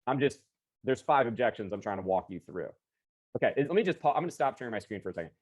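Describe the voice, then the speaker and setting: Fast-talking energetic man training salespeople. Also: mid-range voice, husky. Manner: energetic, chatty, self-correcting. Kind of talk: live online sales training. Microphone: video call computer mic.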